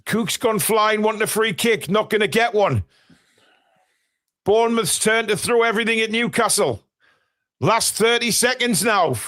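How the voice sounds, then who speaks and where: A man hosting a live football watchalong, excitable, shouting and swearing when goals go in. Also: sits high, normal speed. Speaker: fan channel host.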